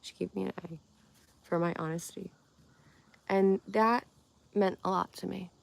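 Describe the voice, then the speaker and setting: A tired young woman from Connecticut, USA hosts a casual livestream, chatting playfully and answering comments one at a time. Her mid-range voice is gravelly, a little slow, with fairly even intonation.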